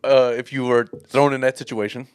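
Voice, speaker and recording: A man's voice: mid-range voice, level tone, brisk, clear, resonant tone, no echo, studio quality. A man co-hosting a podcast in casual chat, easygoing and agreeable, chuckling often. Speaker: podcast co-host.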